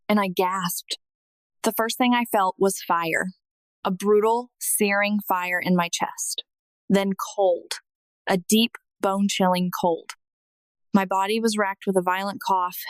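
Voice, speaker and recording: A woman's voice: medium pitch, dry recording, rough recording. A woman in her thirties telling a first-person spiritual story in an earnest, heartfelt way, as scripted narration. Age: 30s.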